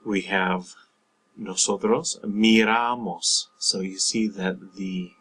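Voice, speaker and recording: Male language teacher, low voice, slow and patient, lecture-style delivery. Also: level tone, a bit bright, slightly rough, rough recording. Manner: patient, explanatory, frequent fillers. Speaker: Spanish teacher. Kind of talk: recorded language lesson.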